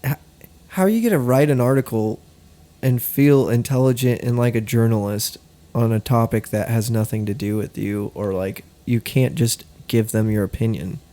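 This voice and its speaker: Young man, podcast co-host, dark mellow tone, animated, casual chat. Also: medium pitch, moderate pace.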